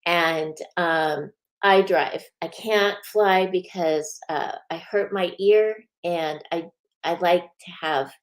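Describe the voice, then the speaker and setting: A woman's voice: on the low side, slow. A woman hosting a spiritual show, chatting casually with many fillers and frequent laughs. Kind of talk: casual live-stream chat.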